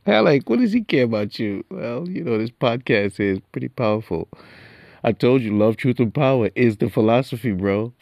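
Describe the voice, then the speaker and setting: A man's voice: medium pitch, lively intonation, normal speed, creaky, a little mellow. A man hosting a solo podcast in casual, profane street slang, laughing between lines. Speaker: podcast host.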